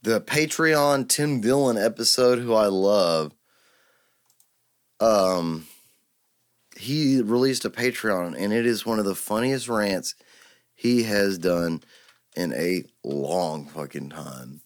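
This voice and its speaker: Profane, fired-up podcast host ranting. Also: male voice, on the low side, slow pace. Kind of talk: solo podcast rant.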